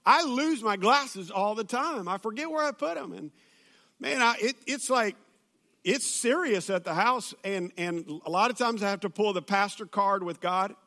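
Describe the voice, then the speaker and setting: A man's voice: high voice, normal speed, sharp tone. A man, a pastor preaching a sermon to a church audience, telling stories with humor and plenty of fillers and restarts.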